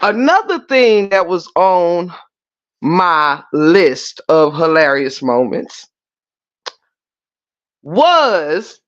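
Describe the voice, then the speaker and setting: A woman hosting a channel, chatting casually and telling a story in a lively, vernacular way. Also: on the low side, very slow, pauses often, lo-fi sound. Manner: animated storytelling with Black American vernacular. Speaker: channel host. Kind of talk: casual reaction commentary.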